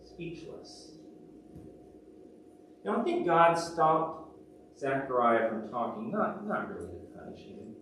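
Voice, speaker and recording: A man preaching a sermon as pastor, telling stories animatedly and dropping from loud to hushed. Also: medium pitch, big pitch swings, measured pace, a little hiss or hum. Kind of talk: sermon with storytelling. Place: church sanctuary. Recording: very echoey church from a distant mic.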